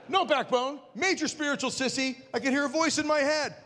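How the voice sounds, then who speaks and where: A man giving a conference talk to an audience, telling a funny personal story in an animated, self-mocking way and acting out scenes. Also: extremely high pitch, measured pace. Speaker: conference speaker. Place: large parish hall with an audience. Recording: reverberant hall.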